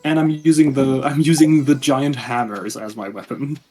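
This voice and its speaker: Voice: medium pitch, steady tone, moderate pace, mellow. A stream guest chatting casually while gaming, with dry offhand remarks.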